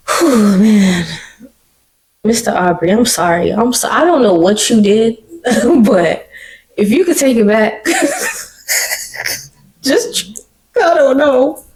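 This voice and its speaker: A woman hosting her own podcast, talking alone in an animated, emotional and slangy way. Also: mid-range voice, slow, pauses often, low-quality recording. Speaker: podcast host. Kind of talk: casual solo commentary. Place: living room.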